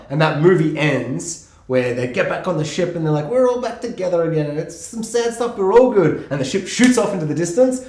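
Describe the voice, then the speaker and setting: A man co-hosting a podcast, chatting casually and excitedly, swearing freely and humming bits of music. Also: fairly high pitch. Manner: excitable, swears, hums music and imitates sounds. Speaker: podcast co-host. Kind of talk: casual chat. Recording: echoey room.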